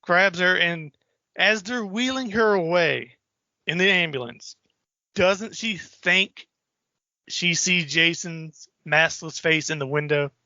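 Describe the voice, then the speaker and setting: A man's voice: sits high, slow pace, sharp tone, dry recording, lo-fi sound. A man co-hosting a podcast, loosely retelling film scenes in casual chat and swearing freely. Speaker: podcast co-host.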